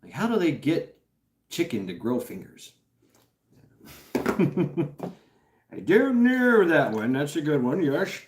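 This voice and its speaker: A man's voice: a little high, sing-song, slow, pauses often. A man hosting a casual livestream, reading out chat and rambling with laughs, swears and lots of fillers. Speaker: host reading live chat. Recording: roomy echo.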